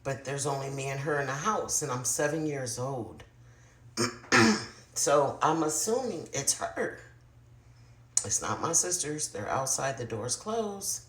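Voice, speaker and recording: An adult vlogger telling a personal paranormal story to camera in a confiding, casual way, often speaking straight to viewers and sometimes dropping to a hushed murmur. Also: mid-range voice, animated, measured pace, reverberant.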